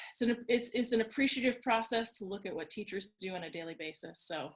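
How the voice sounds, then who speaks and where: A woman leads an online workshop from home, speaking through a computer mic on a video call. Her voice sits at an ordinary middle pitch for a woman. She tells stories in an upbeat, conversational way. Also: a little fast, a bit bright. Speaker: workshop presenter. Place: home in Washington, D.C.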